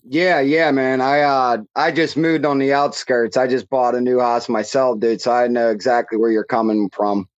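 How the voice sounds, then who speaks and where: A man's voice: medium pitch, steady tone, moderate pace, hardly any pauses, dry recording, lo-fi sound. A man with a Pittsburgh accent, a musician guest chatting easily on a podcast call. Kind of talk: casual chat on a call.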